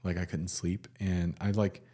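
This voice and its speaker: A man, a nurse, telling a personal story in a casual, halting way with many fillers and restarts. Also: sits low, level tone, warm tone.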